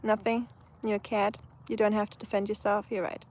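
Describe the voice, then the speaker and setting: Fairly quick and a little mellow, this woman's mid-range voice shows little pitch movement. Streaming live outdoors on a sunny day, the German-accented woman from Germany answers viewers' comments casually, with lots of fillers and restarts.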